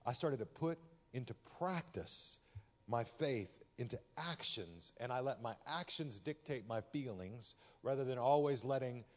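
Texas pastor guy preaching, jokey and chatty, gets loud telling stories, mid pitch, big echoey hall. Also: unhurried. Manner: conversational, humorous, gets loud and animated in anecdotes. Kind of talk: sermon. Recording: long hall reverb.

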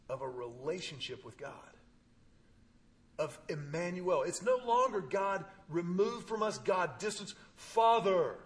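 A man preaching, telling a personal story with humor and emphatic pauses. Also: fairly high pitch, fairly bright tone. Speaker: pastor. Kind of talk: sermon.

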